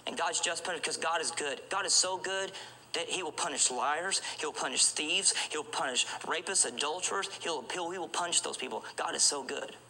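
A male street preacher delivers an urgent evangelistic sermon. His voice sits high and sounds very bright and cutting. He stumbles into repetitions and fires rhetorical questions, with a faint ambient hiss behind him. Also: a little fast, poor audio.

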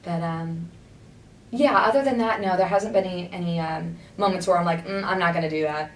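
Texan woman, voice actor, lively and chatty, slightly low voice, recorded from a distance in an echoey room. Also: fairly quick. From Texas. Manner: chatty, animated, laughs often. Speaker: voice actor guest. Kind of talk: casual convention interview. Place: busy convention venue. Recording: echoey room, far from the mic, faint noise.

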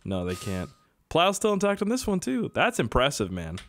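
Excitable young man with a cold. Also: a little high, normal speed. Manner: rambling, excitable, jokey. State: has a cold, coughing. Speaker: gaming video host. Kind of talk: casual gameplay commentary.

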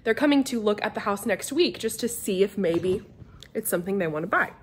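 A young adult woman vlogger chats casually to camera from her living room couch, rambling a bit scattered as she gives house updates. Her medium-pitched voice has lively intonation and a fairly quick pace, with slight background noise.

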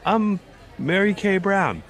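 A man's voice: sits high, lively intonation, takes it slowly, a bit bright, some chatter behind, voice pushed up, heavily acted. A man voicing an awkward prepubescent schoolboy with a crush, in a strained, froggy voice that stammers and hesitates. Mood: flustered.

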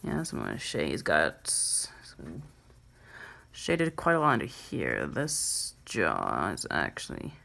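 Woman host for a casual drawing tutorial: low, lively voice, chatty and self-deprecating. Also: creaky.

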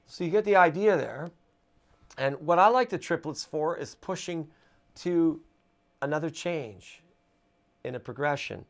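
A man's voice: on the high side, measured pace, long pauses. A man teaching a guitar lesson in a casual, chatty way, counting beats aloud as he strums. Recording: guitar playing loud behind voice. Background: acoustic guitar strumming.

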